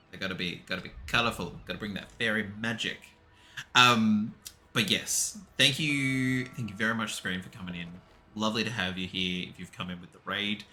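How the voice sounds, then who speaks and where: A man's voice: fairly low pitch, bright, forceful tone, a little hiss or hum. A man streaming a game, chatting casually with his viewers, laughing often and answering chat.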